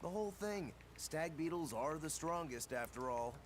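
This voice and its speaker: A man's voice: fairly high pitch, lively intonation, normal speed, lightly acted. Guy doing a cocky teasing swordsman in a game, bouncy voice, noisy ambience. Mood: boastful. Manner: brash, teasing. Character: boastful young male swordsman, cocky and playful. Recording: game audio with ambient noise.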